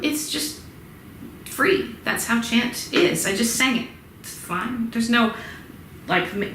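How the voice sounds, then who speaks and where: A woman's voice: fairly high pitch, a bit bright, slight background noise. Chatty woman lecturing in an echoey room. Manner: chatty, demonstrates rhythms by chanting and singing. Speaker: music history instructor. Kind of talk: recorded lecture. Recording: echoey room with faint ambience.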